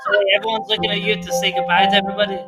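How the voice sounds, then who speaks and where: A woman's voice: medium pitch, racing. A woman musician chatting casually and easily between songs at an online charity gig. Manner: relaxed, chatty, laughs easily. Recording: loud music behind the voice.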